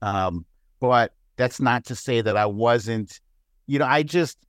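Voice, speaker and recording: A man chatting casually as a podcast guest, laughing often and jumping into high mocking voices. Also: slow, clear, resonant tone, dry recording, studio quality. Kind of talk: casual chat.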